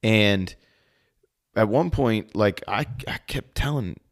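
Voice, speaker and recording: A man co-hosting a podcast with a somewhat low voice. He talks in a loose, animated way and rambles, with many fillers, as if chatting with friends. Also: takes it slowly. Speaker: podcast co-host. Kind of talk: casual chat.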